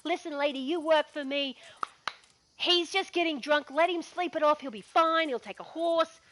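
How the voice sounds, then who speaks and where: A woman's voice: medium pitch, expressive, fairly quick, slight background noise, lightly acted. A woman with an Australian accent voicing an indignant woman homestead owner who scolds shrilly. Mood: furious.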